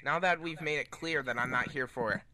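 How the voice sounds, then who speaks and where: Bright, slightly high male voice, playful casual group reading. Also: brisk, a little hiss or hum. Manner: playful, swears and laughs. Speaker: fan dub reader voicing Sonic.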